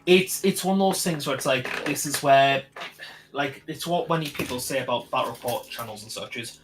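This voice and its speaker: A man's voice: mid-range voice, moderate pace, over music. A man talking eagerly on a hobby stream, packing his speech with "like" and fillers. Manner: eager, filler-heavy, lots of "like". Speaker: guest hobbyist. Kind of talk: casual chat.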